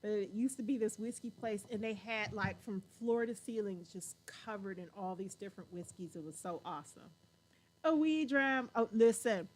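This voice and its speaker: A woman hosting a show, chatting casually in an animated way and laughing often. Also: medium pitch, normal speed. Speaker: show host. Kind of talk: casual chat.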